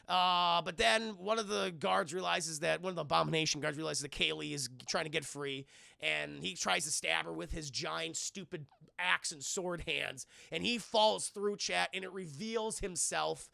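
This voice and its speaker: Male streamer, profane and animated commentary, raspy-gravelly, bright tone. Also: high voice, normal speed, no echo, studio quality. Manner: profane, animated, talks to his chat. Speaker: streamer reviewing a film. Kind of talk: casual live-stream movie commentary.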